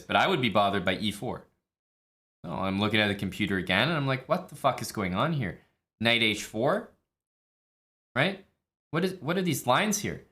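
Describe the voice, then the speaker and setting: A man talks through chess moves on a live stream in a loose, blunt way, swearing freely and voicing his own inner questions. His voice is bright and forceful at a middle pitch.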